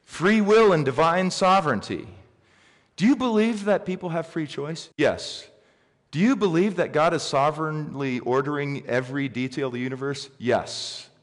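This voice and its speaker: A middle-aged man preaching a sermon, telling stories with lively swings in pitch and pace. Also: normal speed. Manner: animated storyteller with big pitch swings. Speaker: pastor. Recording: reverberant hall.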